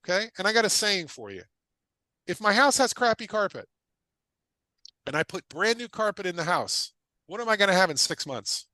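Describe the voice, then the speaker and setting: A middle-aged man teaches a live online class as a guest real estate investor, his high-pitched voice sharp and sing-song with no room sound. The energetic session is emphatic and repetitive, full of point-driving questions, punchy casual asides and quick tangents.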